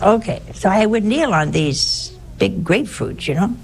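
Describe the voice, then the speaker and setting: A woman's voice: mid-range voice, lively intonation, moderate pace, gravelly, few pauses, a little hiss or hum. An older woman, a nun, telling personal stories in a rambling, anecdotal way with frequent restarts. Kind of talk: personal storytelling.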